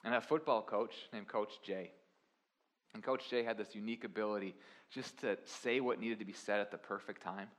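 A young man preaching a sermon, swinging from quiet confessional lines to loud, emphatic preaching. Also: lowish voice, steady tone, moderate pace. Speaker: pastor.

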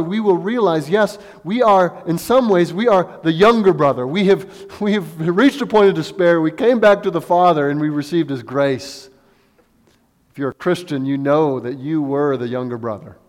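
A man's voice: on the high side, a little mellow. A male pastor preaching a sermon in an earnest way, repeating phrases for emphasis. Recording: long hall reverb.

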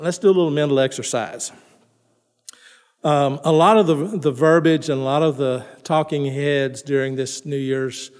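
A man's voice: medium pitch, a little mellow. A middle-aged man preaching a sermon as pastor, in a conversational way, repeating and restarting words and asking his listeners questions. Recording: long reverb in a large hall.

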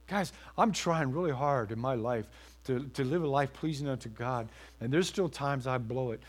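A man preaching a sermon as pastor in a church, rising to loud emphatic lines and dropping to a hushed near-whisper. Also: medium pitch, animated, moderate pace, few pauses.

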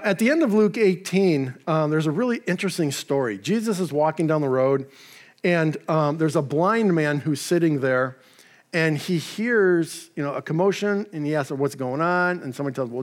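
A man preaching a sermon as pastor, in a conversational way with casual asides. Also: fairly high pitch. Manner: conversational, with asides and paraphrased dialogue.

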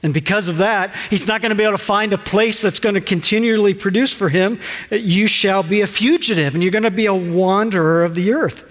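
Male pastor, high voice, animated sermon, lingering hall reverb. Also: brisk. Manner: animated preaching, rhetorical questions, dramatized quotes.

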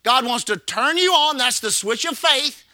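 Pastor guy preaching, real high voice, dry close sound, lots of repeating and call and response. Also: expressive, normal speed, bright, forceful tone, no room sound. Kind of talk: sermon.

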